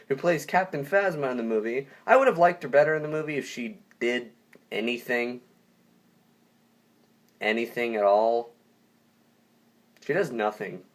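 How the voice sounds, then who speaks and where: A young man giving a casual spoken movie review, enthusiastic and rambling, often stopping to restart a sentence. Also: mid-range voice.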